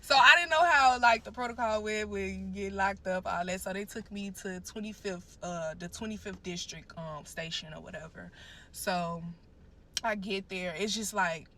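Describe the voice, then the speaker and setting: A young woman, a guest, tells her own story with emotion and animation in casual, profane language, frequently addressing listeners as "y'all." Her voice is mid-range and fairly bright, with fairly even intonation and a normal speed.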